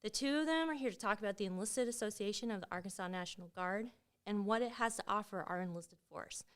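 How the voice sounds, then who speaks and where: A woman's voice: medium pitch, fast talker, clean tone. A woman from Mississippi hosting a casual podcast interview in an upbeat, friendly manner. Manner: upbeat and friendly, introducing guests. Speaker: podcast host.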